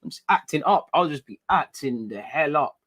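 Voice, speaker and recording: A British man from England hosting a casual livestream, chatting in slang, reading viewer comments and talking with animated energy. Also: a little high, normal speed. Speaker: livestream host.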